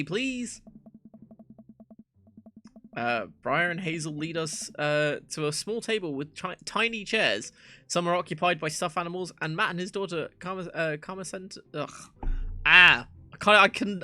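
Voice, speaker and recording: Playful, bright-voiced man streaming a game. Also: fairly high pitch. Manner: playful, swearing, stumbling over words, laughing. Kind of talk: reading a dating game aloud on stream.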